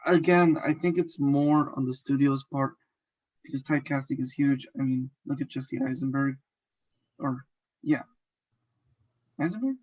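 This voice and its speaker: A man's voice: mid-range voice, measured pace, pauses often, darkish tone. A man co-hosting a casual movie podcast, giving blunt opinions and swearing freely. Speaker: podcast co-host. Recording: dull lo-fi mic.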